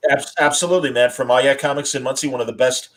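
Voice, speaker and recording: A man's voice: mid-range voice, fast talker, a bit bright, poor audio. A man hosting a casual live-streamed chat over a video call, talking loosely with lots of fillers. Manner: chatty, many fillers and restarts. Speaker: host.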